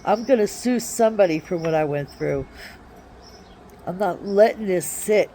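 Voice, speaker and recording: A woman vlogging casually from her backyard on her phone, talking in an excitable, drawling way with sudden swings of emphasis. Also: medium pitch, moderate pace, slight background noise. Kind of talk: rambling casual monologue. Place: backyard by a wooded area, outdoors.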